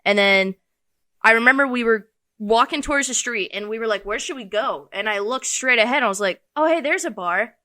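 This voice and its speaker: Bright-voiced young woman telling stories. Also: fairly high pitch, a little fast. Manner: animated storyteller, swears freely. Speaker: podcast co-host. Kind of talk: casual chat.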